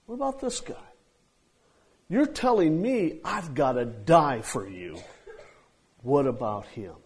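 A man voicing an indignant male disciple, incredulous and pitched up sharply. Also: animated, slow, husky, heavily acted.

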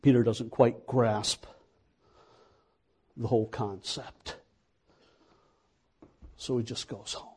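A man's voice: medium pitch, fairly even intonation, takes it slowly, long pauses, a little mellow, husky. A man preaching a sermon, retelling a scripture story dramatically and building to fervent emphasis.

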